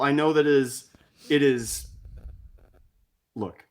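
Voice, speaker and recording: A man's voice: medium pitch, slow pace. A man co-hosting a sports podcast, exasperated as he reels off stats. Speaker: podcast co-host. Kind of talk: casual sports chat.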